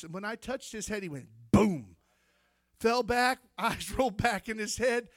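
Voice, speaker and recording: A man preaching a testimony sermon, telling his story with fervor that climbs into shouts. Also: high voice, normal speed, no room sound, clean studio sound. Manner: fervent storytelling, rising to shouts.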